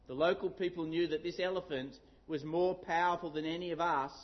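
Middle-aged aussie guy preaching, storytelling, kinda high voice, dull lo-fi sound. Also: fairly quick. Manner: storytelling, animated with acted-out shouts. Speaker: pastor. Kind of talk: sermon.

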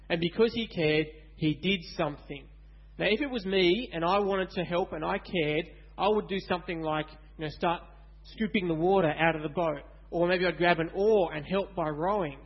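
A man gives a lively children's Bible talk in church and keeps asking the kids questions. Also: high voice, breathy edge, dull audio. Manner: animated, asks kids questions.

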